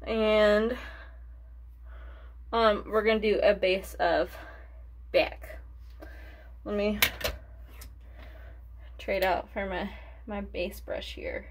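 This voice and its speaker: A young woman talks her way through a makeup tutorial in a loose, rambling way. She loses her train of thought and sighs as she goes, and she is short of breath. Her pitch sits in the middle range for a woman. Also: fairly even intonation, very slow, pauses often, a little hiss or hum. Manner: rambling, forgetful, chatty with sighs. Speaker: beauty vlogger. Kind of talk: casual makeup tutorial chat.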